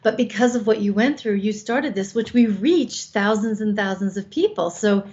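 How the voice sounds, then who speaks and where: A woman's voice: mid-range voice, lively intonation, moderate pace, a little mellow. A woman over fifty co-hosting a show, giving frank, coaching advice with casual swearing. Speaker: co-host. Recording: slightly dull lo-fi sound.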